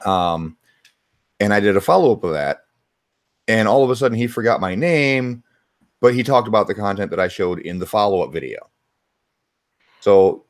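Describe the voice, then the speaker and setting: Male panelist, very deep, blunt, mocking, dry close recording. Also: no room sound. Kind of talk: casual chat on a call.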